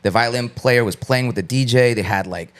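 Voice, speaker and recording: A man's voice: mid-range voice, fairly quick. A man, a guest artist, telling loose, profane stories in a casual interview and acting out what people said to him. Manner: loose, profane storytelling with acted-out quotes.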